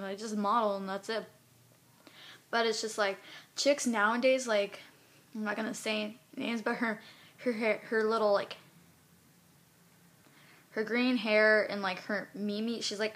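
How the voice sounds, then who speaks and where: A woman's voice: medium pitch, fairly even intonation, normal speed, fairly bright tone. A young woman vlogger venting to camera, exasperated and swearing, filling her talk with "like". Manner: swearing, exasperated, heavy use of "like". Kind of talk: angry venting monologue to camera.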